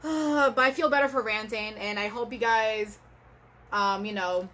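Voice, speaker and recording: A woman vlogging in a casual, rambling way, piling on fillers as she talks to her camera. Her voice sits high and light. It sounds like an ordinary home video recorded on the camera's own mic. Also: measured pace, bright, forceful tone. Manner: chatty and rambling, full of fillers. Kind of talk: casual vlog monologue.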